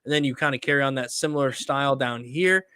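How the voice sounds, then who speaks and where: A man hosting a live stream, critiquing tattoos in casual chat with sudden excited bursts. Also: fast, smooth, no echo, studio quality. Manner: animated, rising to high excited bursts. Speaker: tattoo artist and show host.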